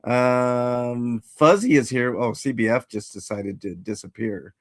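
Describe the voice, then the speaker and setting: A man's voice: mid-range voice, unhurried, dry recording, clean studio sound. Rambling male livestream host. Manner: rambling, greets chat viewers by name. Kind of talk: casual livestream chat.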